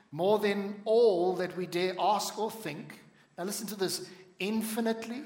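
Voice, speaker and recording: A man preaching a sermon as pastor, animated, acting out little scenes and calling for amens. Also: sits high, roomy sound. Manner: animated preaching with voiced asides and congregation call-outs. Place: church.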